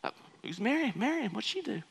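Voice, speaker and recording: A man preaching a sermon, swinging between loud, pleading cries and quiet, conversational asides. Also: extremely high pitch, very animated, fairly quick, vocal fry, breathy edge. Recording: hall with long reverb.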